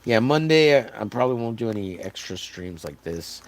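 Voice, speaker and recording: A man from Texas talks loosely to his live stream chat, rambling and cracking jokes. His voice is hoarse and gravelly, and it swings widely up and down as he riffs. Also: fairly low pitch, animated, moderate pace. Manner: joking, rambling, riffs on catchphrases. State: hoarse, voice wearing out.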